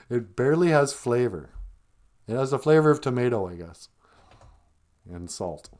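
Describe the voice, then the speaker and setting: A man's voice: mid-range voice, animated, measured pace, darkish tone. Joking man chatting on a stream. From northern Minnesota. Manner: joking, laughs often, rambling. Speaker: live stream host. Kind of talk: casual chat on a live stream.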